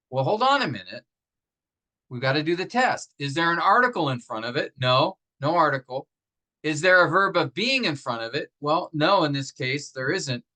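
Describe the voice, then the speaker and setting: Poor audio captures a man with a slightly high, pushed, bright voice giving a grammar lesson. He takes his class through it patiently step by step with rhetorical questions, restarting often and using many fillers, and he stresses example phrases by slowing down.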